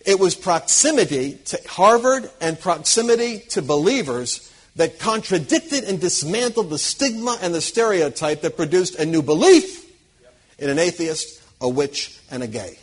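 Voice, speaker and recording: A man preaching to a live audience, telling lively anecdotes, acting out quoted people and chuckling as he goes. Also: high-pitched, normal speed, husky. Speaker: Christian conference speaker. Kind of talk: storytelling sermon to a live audience.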